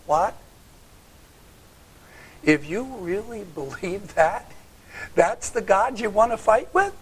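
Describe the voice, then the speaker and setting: A male pastor preaching a sermon, pressing his hearers with sharp rhetorical questions and shifting between loud challenge and quiet, low asides. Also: lively intonation, slow, pauses often, husky.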